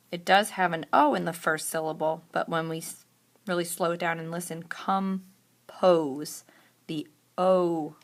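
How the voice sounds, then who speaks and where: Gravelly woman teaching a spelling lesson. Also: fairly low pitch. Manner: slow, deliberate word-by-word demonstration.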